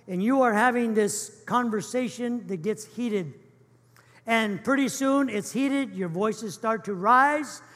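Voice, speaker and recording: High-voiced man preaching, echoey hall. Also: a bit bright. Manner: earnest, emphatic, repetitive. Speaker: pastor. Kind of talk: sermon.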